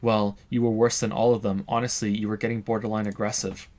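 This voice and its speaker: A man's voice: fairly low pitch, flat delivery, quick pace, darkish tone, close to an everyday voice. A man reading an exasperated ex-bar manager woman. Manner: weary, blunt reproach. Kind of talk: reading game dialogue aloud.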